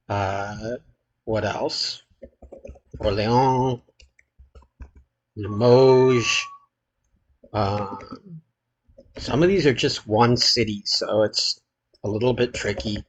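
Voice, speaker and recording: A man hosting his channel, thinking aloud as he plays a geography quiz, hesitant and halting with many filler pauses. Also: fairly low pitch, low-quality recording. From United States.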